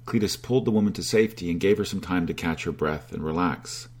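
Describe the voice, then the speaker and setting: A man narrating a fable in a steady, even-paced reading style. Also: low voice, fast, breathy edge. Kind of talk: storytelling narration.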